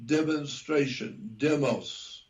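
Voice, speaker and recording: An older American man talking slowly in a casual conversation, repeating himself and spelling words out. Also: medium pitch, highs cut off. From United States. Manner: slow and repetitive, spells words out. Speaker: talk show guest. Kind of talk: casual radio-style conversation.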